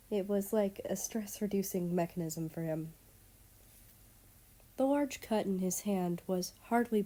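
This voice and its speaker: A woman's voice: lowish voice, mellow. A woman reading fan fiction aloud as narrator. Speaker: story reader.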